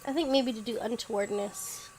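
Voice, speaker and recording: High-voiced young woman chatting on stream. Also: moderate pace, vocal fry, a little mellow, soft background music, poor audio. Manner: chatty, thinks aloud, asks viewers. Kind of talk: casual game stream, reading aloud and asking chat.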